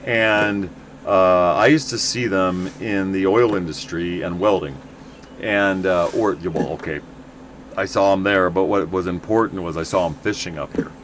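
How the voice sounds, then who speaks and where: A man's voice: low voice, moderate pace, a little hiss or hum. A middle-aged man from the United States, chatting in a rambling, casual way while streaming a game. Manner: rambling, chatty, many restarts.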